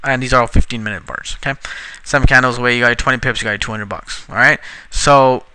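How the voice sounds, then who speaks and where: A man teaching a trading strategy over a screen recording, casual and increasingly frustrated, swearing at his slow computer. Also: mid-range voice, fairly even intonation, bright, forceful tone, smooth. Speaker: trading instructor.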